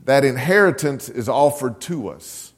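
A man preaching a sermon, telling a story slowly and emphatically, repeating key lines. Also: medium pitch, expressive, husky, long reverb tail. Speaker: pastor.

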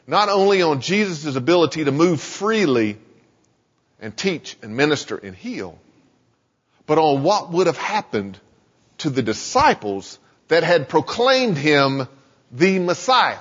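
A man preaching a sermon in a conversational, animated way, in a church sanctuary. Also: on the high side, a little slow, husky. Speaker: pastor. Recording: dull lo-fi sound in a reverberant hall.

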